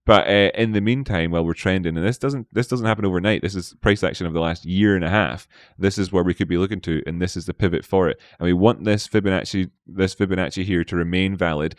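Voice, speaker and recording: A man's voice: sits low, no room sound. A man hosting a live market analysis stream, playful, chatting with viewers and talking to himself. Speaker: trading stream host.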